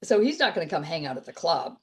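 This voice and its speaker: A middle-aged woman comedian telling stories as an interview guest, lively and wisecracking, laughing easily as she talks. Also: low-pitched, fast talker. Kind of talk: casual storytelling interview.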